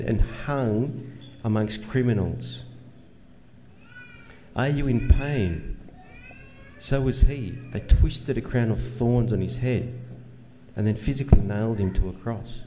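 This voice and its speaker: A man's voice: mid-range voice, darkish tone. A man preaching a sermon in an earnest manner, asking rhetorical questions and pressing his points with emphasis. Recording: long reverb, faint ambient noise.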